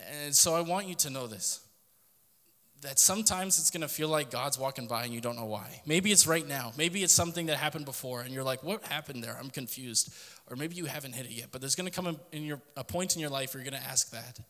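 A man's voice: fairly high pitch, pushed and bright, in a large hall. Earnest man giving a devotional talk. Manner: earnest, direct address to listener. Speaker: podcast host.

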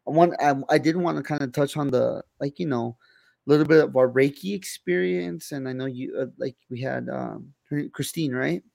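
A young man with a gravelly, fry-edged voice chats casually as a podcast co-host. He talks loosely and swears a lot, full of "like" and "you know". The sound is dry and close. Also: medium pitch, normal speed, darkish tone, no room sound. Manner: loose, heavy swearing, many fillers and restarts. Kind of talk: casual chat.

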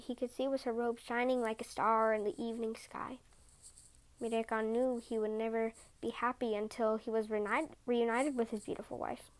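Woman reading a folktale aloud. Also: fairly high pitch. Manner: calm, expressive storytelling. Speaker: podcast storyteller.

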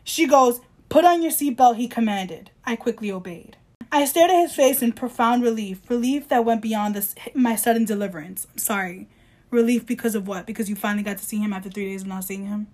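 A woman co-hosting a casual podcast chat, ranting in a heated, emphatic way and reading quotes aloud in mock voices. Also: medium pitch. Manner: heated, emphatic, rapid ranting with apologies for shouting. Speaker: podcast co-host.

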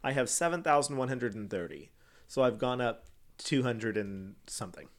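A man hosting a casual podcast chat, giggly and animated, laughing often. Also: mid-range voice, moderate pace. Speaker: podcast host.

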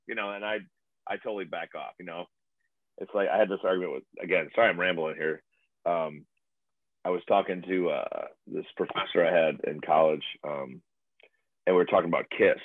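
Deep-voiced man on a tinny phone line. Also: fast, no echo. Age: late 40s. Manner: rambling, profane, excitable. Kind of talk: casual chat.

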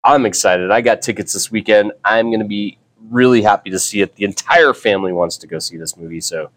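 Middle-aged guy rambling on his podcast, lowish voice, easygoing, keeps restarting sentences. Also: brisk. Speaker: podcast host. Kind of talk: casual solo podcast chat.

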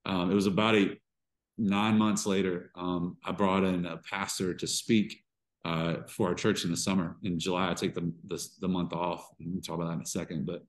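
A man with a very deep, low voice shares his personal struggles as a podcast guest. He talks in halting bursts, restarting sentences and circling back as he works through what he feels. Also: little pitch movement. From Georgia. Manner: halting, restarts often, emotional storytelling. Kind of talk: candid interview conversation.

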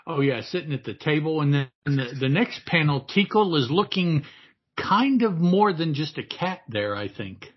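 Husky, hesitant man on a podcast. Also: a little high, very animated, normal speed, lo-fi sound. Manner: hesitant, restarts and fillers. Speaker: podcast co-host. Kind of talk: casual comic book discussion.

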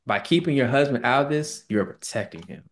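A man's voice: medium pitch, a little fast. A man co-hosting a casual podcast, telling a story animatedly and quoting the people in it. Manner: animated retelling, quoting people in put-on tones. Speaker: podcast co-host.

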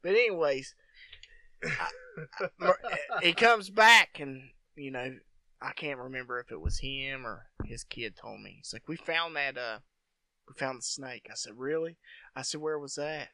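A man's voice: mid-range voice, measured pace, dry recording. A man telling a long story in a casual, profane chat, acting out what people said. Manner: profane, animated storyteller who acts out quotes.

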